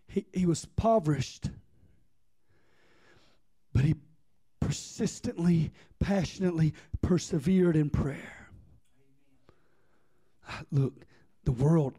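Male preacher, high and mellow, fiery repetitive delivery. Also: slow pace, long pauses, slightly rough. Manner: impassioned, rhythmic repetition, Southern US dialect. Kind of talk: sermon.

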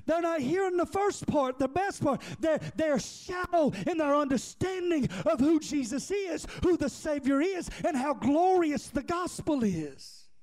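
A man with a strikingly high voice delivers a fervent sermon. He builds momentum through repetition, rising into shouts and pulling the congregation in with direct questions. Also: expressive, unhurried, few pauses. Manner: impassioned, rhythmic repetition, bursts into shouting. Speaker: preacher.

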